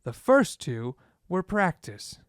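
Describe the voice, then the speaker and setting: An actor playing an obsessive male caller who turned killer in a comedy audio drama, speaking calmly and matter-of-factly. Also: high voice, slow, clear, resonant tone, dry recording, studio quality, exaggerated voice. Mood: calmly confessing. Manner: calm, matter-of-fact confession.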